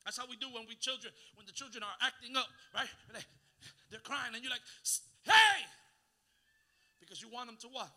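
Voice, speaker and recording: A man, preaching a sermon as a guest pastor, swinging from hushed asides to shouting and calling on the congregation to answer. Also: extremely high pitch, fast talker.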